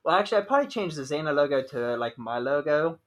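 A man's voice: a little high, lively intonation, fast talker. A young man co-hosting a podcast, telling rambling stories with lots of "like" in casual chat. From Ohio, USA. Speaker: podcast co-host.

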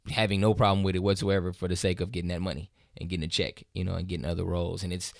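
Low-voiced guy cohosting a podcast, chatty and loose, dry room. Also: racing, creaky, no room sound. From United States. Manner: conversational, animated when retelling stories, frequent fillers. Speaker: podcast co-host. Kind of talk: casual discussion.

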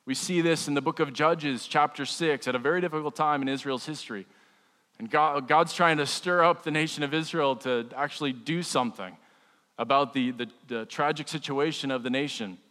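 Man, pastor, sermon, slightly high voice, chatty and joking, stumbling restarts, long echo of a big hall. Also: a little fast, sharp tone. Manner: conversational preaching with humor and repeated restarts.

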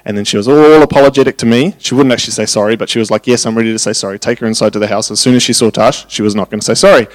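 A man preaching a sermon, telling family stories in an animated, anecdotal way. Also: medium pitch, racing, hardly any pauses, no echo. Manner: anecdotal, animated when retelling family scenes.

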